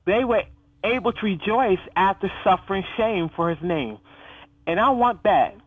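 A man's voice: high-pitched, lively intonation, moderate pace. A man calling in to a radio show, speaking earnestly with hesitant fillers, heard over a phone line. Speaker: caller. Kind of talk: call-in radio talk.

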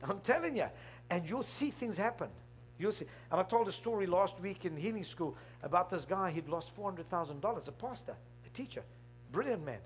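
A male pastor preaching an emphatic, animated sermon, often breaking in with "hello?". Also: high-pitched, brisk, slight background noise.

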